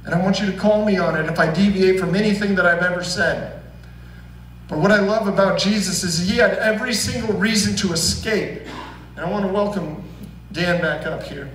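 A man's voice: on the high side, fairly bright tone. A man preaching a sermon as pastor, earnest and emphatic, asking the congregation pointed questions. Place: church sanctuary. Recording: roomy, distant church recording with faint hum.

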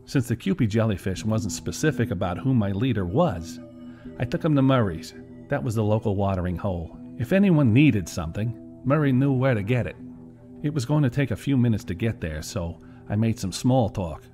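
A low-voiced man tells a first-person story with wry, deadpan delivery. Faint music plays under his reading. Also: a little fast. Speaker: narrator. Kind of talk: scripted first-person narration.

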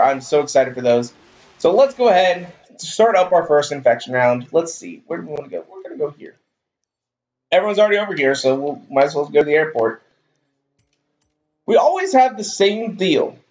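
A man's voice: high-pitched, a little mellow, echoey room. A man streaming a racing game live, talking casually in a rambling, easygoing way and often repeating himself. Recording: dull lo-fi stream audio.

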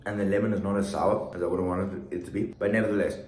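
A man's voice: low voice, fairly even intonation, racing, a little mellow. A young man vlogging in a casual, mumbly drawl with slang, talking to a phone camera in an apartment. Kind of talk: casual vlog chat. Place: indoors, apartment. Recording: echoey room, faint noise.

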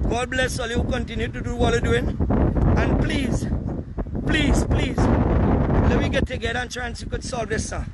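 Ranting Trinidadian man, very high voice. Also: fairly even intonation, normal speed. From Trinidad and Tobago. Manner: ranting, pleading, blunt. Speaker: community food distributor. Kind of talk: impassioned outdoor appeal. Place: outdoor grounds with a crowd. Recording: wind and traffic noise outdoors.

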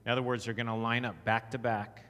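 Man, Texan accent, sermon teaching, emphatic questions to the audience, mid-pitched voice, long church hall echo. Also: flat delivery, fast, a bit bright. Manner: emphatic, asks the audience questions, reads scripture aloud. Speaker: conference speaker.

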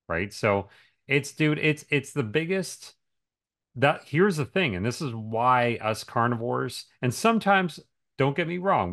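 Low-voiced man, emphatic podcast talk. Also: fairly bright tone. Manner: emphatic, fond of rhetorical questions. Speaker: podcast speaker on diet and health. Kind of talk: casual podcast conversation.

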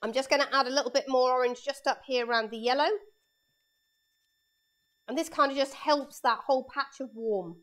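With a voice that sits high and sounds a bit bright, a woman art teacher speaks at normal speed but leaves long pauses. She is giving children a live painting lesson in her studio, explaining each step as she draws into a lapel mic.

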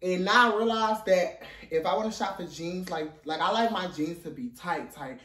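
A young man, filming a casual try-on haul in his dorm room, out of breath, playful and sassy, with excited high squeals. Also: moderate pace, distant mic. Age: young adult. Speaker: vlogger. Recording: roomy, from off the mic.

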